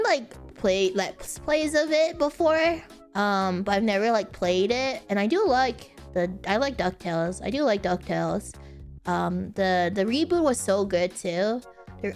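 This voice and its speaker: A young woman streamer answering viewer questions in a casual, rambling chat, often breaking into high giggles. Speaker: virtual streamer.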